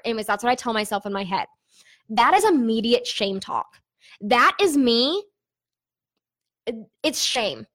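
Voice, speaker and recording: A young woman with a fairly high voice talks straight to her viewers in a casual vlog. She is candid and chatty, and she peppers her sentences with fillers as she works through personal thoughts on running an online business. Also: unhurried, fairly bright tone.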